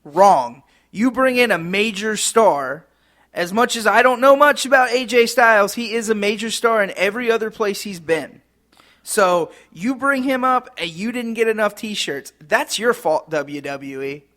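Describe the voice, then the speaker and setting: Male podcast co-host, high-pitched, chatty and easily amused, lots of fillers. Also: lively intonation, unhurried, sharp tone. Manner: chatty, laughing, many fillers. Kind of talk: casual wrestling chat.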